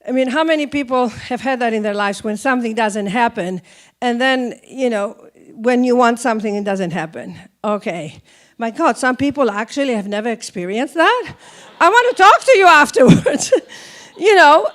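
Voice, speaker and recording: Animated Greek-accented woman speaker. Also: a little high. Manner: animated storytelling, swooping up and down. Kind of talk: motivational talk.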